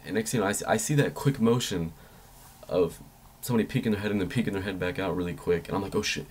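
A young man vlogging a story in a loose, rambling way, swearing freely and jumping up high when he quotes his own panicked thoughts. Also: fast, slight background noise. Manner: rambling, excitable, swears freely, jumps into high squeaky voice when quoting himself. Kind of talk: casual storytelling vlog.

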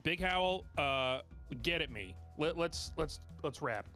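A man's voice: on the high side, unhurried. A young male streamer talking casually with friends while they play. His voice moves up and down a lot as he jokes around, and he swears freely. Faint music plays in the background. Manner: animated, jokey, swears. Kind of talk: casual gaming chat.

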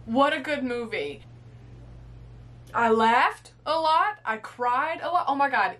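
A woman reviews a film she just watched. Her voice sits a bit high and sounds teary, and she gushes emotionally, swearing and laughing freely. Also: expressive, slow, fairly bright tone. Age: 20s. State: teary after crying. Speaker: host. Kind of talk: movie reaction and review.

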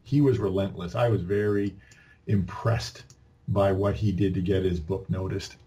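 A Canadian-born man with a deep voice speaks at normal speed as a podcast guest, telling long, casual, rambling stories. He restarts often and animatedly quotes dialogue.

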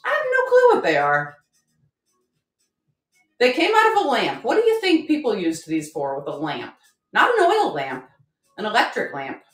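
A chatty, upbeat woman runs a live auction stream, her voice bright in pitch and bouncing all over the place. She jokes as she sells, and the room around her rings with a noticeable echo. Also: huge pitch swings, moderate pace, pauses often, soft background music. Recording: roomy echo.

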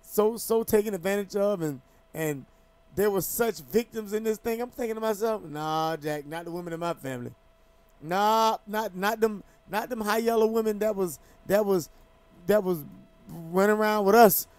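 A man's voice: sits high, moderate pace, darkish tone, dry recording. A man hosting a talk show, telling stories in an emphatic, heated way with lots of restarts. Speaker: talk show host and former boxing champion. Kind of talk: casual talk show chat.

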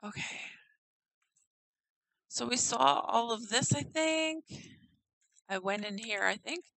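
A giggly, chatty woman giving casual commentary on a game house tour. Her voice is bright and fairly high, she takes her time, and the sound is dry and close. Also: expressive, slow pace, gravelly, no room sound, poor audio. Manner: giggly, chatty, stumbles over names.

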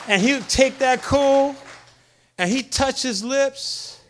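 High-pitched man preaching a fiery sermon. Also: takes it slowly, slight background noise. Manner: impassioned preaching that builds to shouted crescendos; repetitive call-and-response rhetoric. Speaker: pastor. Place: church service before a congregation.

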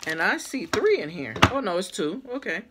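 Hoarse woman chatting through an unboxing vlog. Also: medium pitch, very animated, normal speed, very noisy. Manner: chatty, addresses viewers as guys. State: losing her voice, hoarse. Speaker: vlogger. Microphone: camera on a small tripod.

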